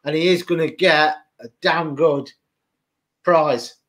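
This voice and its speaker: Chatty high-voiced man. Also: slow pace, fairly bright tone. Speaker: host. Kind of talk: casual group video call chat.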